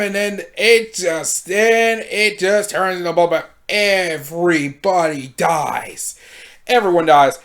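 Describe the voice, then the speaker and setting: A woman recapping anime episodes in casual commentary, with slangy and animated storytelling. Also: on the low side, slow. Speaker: anime reviewer.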